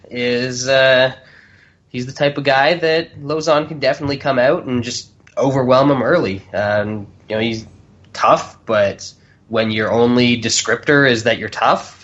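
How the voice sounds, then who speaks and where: A man's voice: medium pitch, fairly bright tone, dull audio. A man co-hosting a fight-betting podcast, blunt and swearing freely in casual chat. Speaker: podcast co-host.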